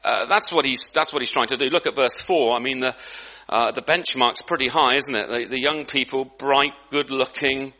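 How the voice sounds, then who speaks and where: A man preaching a sermon in a conversational way, full of restarts and asides, with lively emphasis, in a church. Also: medium pitch, normal speed.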